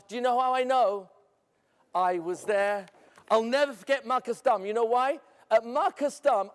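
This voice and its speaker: High-voiced man telling a dramatic story. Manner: theatrical, asks the audience questions. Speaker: educator. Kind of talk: dramatic first-person storytelling to students. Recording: echoey hall.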